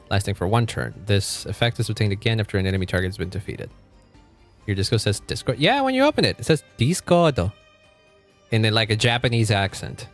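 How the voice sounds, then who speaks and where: A young man streaming a game from home, chatting casually, swearing freely and laughing often. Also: on the low side. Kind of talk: casual gaming livestream chat.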